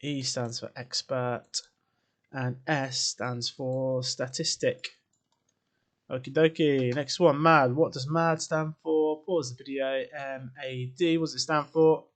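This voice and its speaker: A man's voice: mid-range voice, steady tone, slow. A man teaching an English writing lesson to camera, informal and chatty, quizzing the viewer and adding asides. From England. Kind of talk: classroom lesson video.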